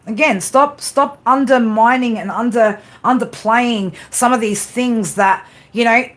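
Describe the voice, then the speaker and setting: A woman's voice: on the high side, a little slow, a bit bright. A woman hosting a casual livestream pep talk, blunt and swearing constantly, with frequent tag questions. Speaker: tarot reader and livestream host.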